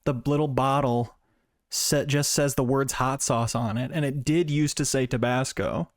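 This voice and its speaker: A man's voice: medium pitch, fairly even intonation, moderate pace, dry recording, studio quality. A man on a podcast panel who carefully explains word usage in a slightly pedantic way. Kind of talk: casual panel chat.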